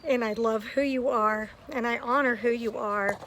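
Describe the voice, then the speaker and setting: A woman with a slightly raised pitch stands outdoors and records a heartfelt birthday video for a friend. She talks earnestly and with emotion, filling pauses with ums. A faint hiss sits under her voice. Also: fairly even intonation, a bit bright. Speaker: friend giving a birthday message.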